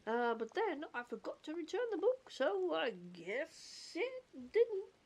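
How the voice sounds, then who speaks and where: A woman's voice: extremely high pitch, big pitch swings, takes it slowly, a little mellow, voice pushed up, full character voice. A woman voicing a bumbling, forgetful male cartoon dog in a folksy put-on accent, reading game dialogue aloud. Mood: muddled.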